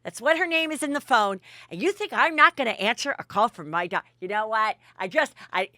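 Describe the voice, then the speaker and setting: A woman doing a loud, sarcastic impression of an indignant middle-aged woman who keeps repeating herself. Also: mid-range voice, normal speed, dry recording, studio quality, voice pushed up, natural voice.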